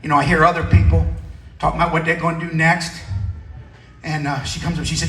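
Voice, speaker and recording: High, bright-voiced male comedian on stage. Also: flat delivery, fast talker, pauses often. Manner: storytelling with shouted screams and acted-out dialogue. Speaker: stand-up comedian. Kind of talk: stand-up comedy set. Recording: echoey club from a distance.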